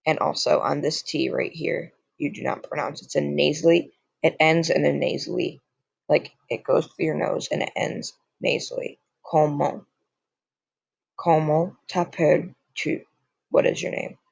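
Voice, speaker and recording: A man's voice: a little high, steady tone, gravelly, breathy edge, no echo, highs cut off. A young man teaching a beginner lesson from slides, patient and repetitive as he drills each word. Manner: slow, patient, repeats words for drill. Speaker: language teacher. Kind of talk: slide-based lesson narration.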